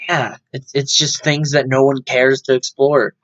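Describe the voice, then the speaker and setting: A man's voice: medium pitch, little pitch movement, measured pace, fairly bright tone, dry recording. Young guy cohost going right, yeah, wry little jokes, dead dry lo-fi audio. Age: young adult. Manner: short agreeing interjections, wry. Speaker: podcast co-host. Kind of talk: casual chat. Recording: dry dull lo-fi podcast audio.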